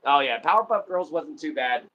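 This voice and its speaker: Chatty male livestream host, slightly high. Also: lively intonation, moderate pace, sharp tone, dull audio. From America. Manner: laughs often, friendly sign-offs. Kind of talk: casual livestream chat.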